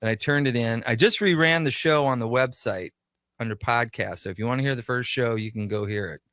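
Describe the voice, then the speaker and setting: A man spins a long story in a radio studio, voicing the back-and-forth himself. His voice sits at an ordinary pitch and is recorded dry and close. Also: a little fast, no room sound. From Minnesota. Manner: animated anecdotes, acting out dialogue. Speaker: radio show creator and guest. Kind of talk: casual storytelling.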